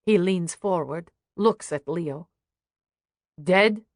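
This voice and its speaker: Female audiobook narrator, grave and hushed, unhurried, dry close-miked studio sound. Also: medium pitch, no echo. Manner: hushed, grave first-person reading.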